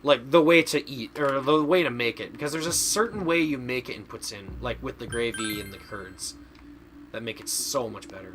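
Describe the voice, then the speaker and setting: A man's voice: mid-range voice, moderate pace, a bit bright, faint music behind. A man streaming a video game, chatting casually and rambling, often stumbling over his words. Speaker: VTuber streamer. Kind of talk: casual gaming stream chat.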